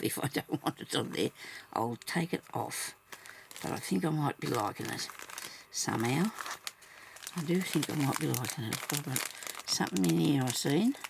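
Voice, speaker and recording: A woman's voice: low voice, gravelly, noisy background. A woman vlogging as she crafts, chatting casually and thinking aloud, laughing often at herself.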